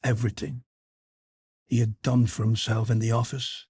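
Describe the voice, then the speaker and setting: A man narrates literary fiction for an audiobook in an even, measured way. His voice sits mid-range with a husky, breathy grain. The recording is dry, with no room sound. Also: mid-range voice, no echo. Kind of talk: scripted narration.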